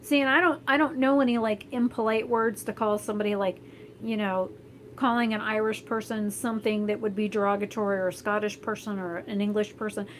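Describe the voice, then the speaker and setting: A woman's voice: mid-range voice, steady tone, a little fast, slight background noise, rough recording. Blunt, rambling woman chatting on camera. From Florida, US. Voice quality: blunt, rambling, many fillers and restarts. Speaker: vlogger. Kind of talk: casual chat while doing hair, reading live chat. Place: home, indoors.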